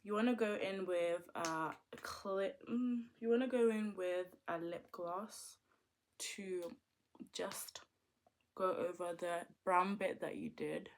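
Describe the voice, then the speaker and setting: A young woman giving a makeup tutorial at home, chatty, murmuring quietly as she applies products and breaking into loud, excited exclamations. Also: on the low side, takes it slowly, slight background noise. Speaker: makeup vlogger.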